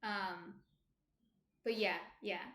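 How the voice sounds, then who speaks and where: A woman's voice: mid-range voice, steady tone, extremely slow, pushed and bright, roomy sound. A woman from New Jersey with a New Jersey accent, chatting casually on a baking livestream and answering viewers' comments. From New Jersey, USA. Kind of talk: casual live-stream chat.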